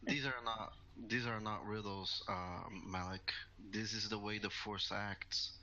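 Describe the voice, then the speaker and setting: A man playing a tabletop game, speaking in a calm, measured way. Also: fairly low pitch. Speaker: player. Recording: muffled recording with faint noise.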